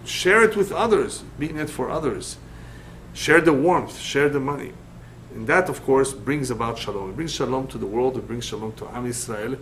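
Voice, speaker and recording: A middle-aged rabbi delivers a study lecture with emphatic, repetitive phrasing that drives each point home. His voice sits at an ordinary middle pitch, and he turns into a lively storyteller when a tale comes up. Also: normal speed, a little hiss or hum, poor audio. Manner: emphatic, repeats key phrases.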